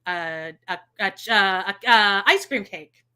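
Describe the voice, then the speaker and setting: A young woman telling a story in casual chat, animated and swearing freely, acting out what people said. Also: medium pitch, a little slow, clear, resonant tone. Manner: animated, swears a lot, acts out quotes with shrieks.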